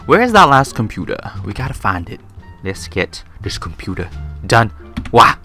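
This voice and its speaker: A young man doing Let's Play commentary on a game, excitable, often jumping to high shrieks and laughter, with game music behind. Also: normal speed. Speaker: gaming YouTuber.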